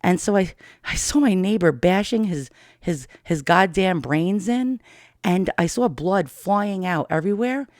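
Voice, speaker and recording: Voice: medium pitch, animated, unhurried, dry recording, clean studio sound. A middle-aged storyteller from Queens, telling a personal story in a blunt, profane, darkly amused way. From Queens, New York.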